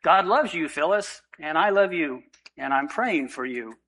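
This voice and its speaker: A preacher lightly putting on a cheerful, devout elderly woman patient. She speaks earnestly and with warm insistence, her voice sitting a little higher and brighter. The sermon storytelling stays plain, with no dramatic acting. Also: lively intonation, unhurried, exaggerated voice, low-quality recording.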